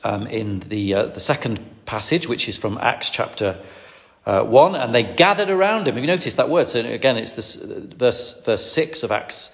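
Preacher echoing through a hall. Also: male voice, fairly low pitch, moderate pace. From Lancashire, England. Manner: repeats words and restarts, emphatic. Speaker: preacher, ordained minister. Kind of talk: sermon. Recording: long hall reverb.

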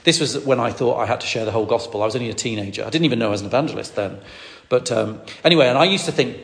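Evangelist, quick rambling sermon voice, roomy hall with long reverb. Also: male voice, medium pitch, vocal fry. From northwest England. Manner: rambling storytelling with many restarts. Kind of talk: sermon teaching. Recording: echoey hall.

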